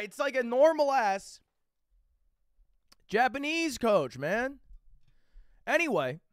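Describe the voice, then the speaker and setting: Animated man telling a rambling story. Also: sits high, no echo, clean studio sound. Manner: animated, rambling anecdotes with frequent "okay?" and "right?" check-ins; casual and profane. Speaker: livestreamer. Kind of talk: casual storytelling to a live chat.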